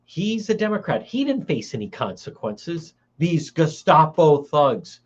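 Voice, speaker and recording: Indignant man, lively pitch. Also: a little slow, lo-fi sound. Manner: indignant, heated, repeats his points. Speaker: talk show host. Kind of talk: political commentary livestream.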